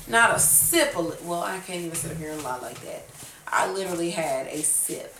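A podcast host in her twenties speaks briskly and animatedly in a lowish voice, telling a story full of swearing and acted-out outbursts during a casual chat. She's at a kitchen table, and the audio is roomy, far from the mic, and faintly noisy.

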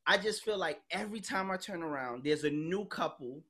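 A woman's voice: on the low side, animated, brisk, fairly bright tone, a little hiss or hum. A woman hosting a podcast, chatting casually in a blunt, emphatic way and swearing freely. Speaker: podcast host. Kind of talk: casual chat.

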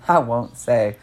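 Low-voiced woman telling a frank story. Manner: animated, quotes others in lively voices; frank and profane, laughs often. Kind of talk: casual storytelling chat.

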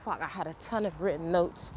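A woman's voice: lowish voice, fairly quick. A woman hosting a casual solo podcast while walking through a windy park on a headset mic, slightly out of breath, chatty and rambling with casual swearing. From England. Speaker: podcast host. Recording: outdoor wind and street noise.

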